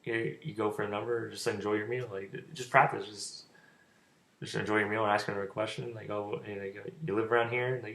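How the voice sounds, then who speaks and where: A young man talks in a loose, rambling way, and his speech stalls and repeats with a stutter. His voice is gravelly with plenty of fry. He sounds informal and offhand, like a casual vlogger giving advice. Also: on the low side, level tone, fairly quick, a bit bright.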